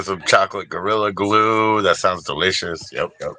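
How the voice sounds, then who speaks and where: A man's voice: low-pitched, normal speed, hardly any pauses, sharp tone. An older man hosting a casual livestream, rambling and laid-back, reading out viewers' names and chatting with them. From Washington DC area, US. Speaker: livestream host.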